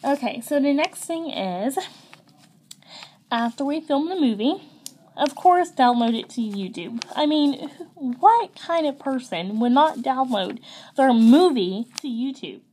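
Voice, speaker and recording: A woman's voice: sits high, expressive, unhurried, dark tone, slight background noise. A young woman hosting a toy pet video channel, nervous and rambling with lots of ums. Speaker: channel host. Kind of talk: playing toy pets in a home video. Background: background music.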